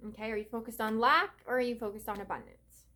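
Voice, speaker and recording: A woman's voice: a little high, fast talker, bright, forceful tone. A woman giving a casual spiritual talk as a reader and yoga teacher, earnest and chatty, often checking in with "right?" and "okay?", with the odd curse. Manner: earnest, mildly profane.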